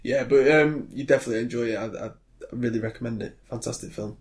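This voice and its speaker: A British man co-hosts a laid-back film podcast, speaking at medium pitch and a quick pace. He rambles through the chat, full of ums and false starts.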